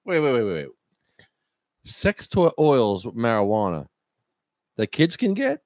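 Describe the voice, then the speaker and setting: Incredulous man with lively pitch. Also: measured pace, no room sound. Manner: incredulous, repeats lines for laughs. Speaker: podcast co-host. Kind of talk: comedic banter.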